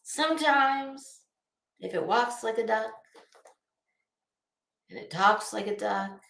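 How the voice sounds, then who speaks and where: A woman's voice: a little high, animated, slow pace, vocal fry, a bit bright, echoey room. A woman hosting a live commentary stream, talking in a sassy, blunt, profane way and calling people honey.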